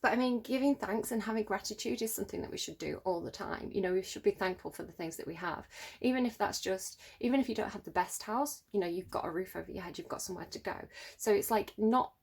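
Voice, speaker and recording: A woman's voice: medium pitch, quick pace, creaky, darkish tone, slightly rough. A woman reading tarot cards to camera at home, musing and thinking aloud with many fillers. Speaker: tarot reader. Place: home room near a road.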